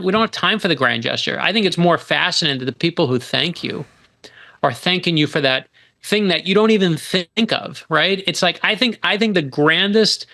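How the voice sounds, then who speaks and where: On a podcast, a middle-aged New Yorker who's a guest author tells a story with animated emphasis, frequently restarting his sentences. His voice sits on the high side and has vocal fry.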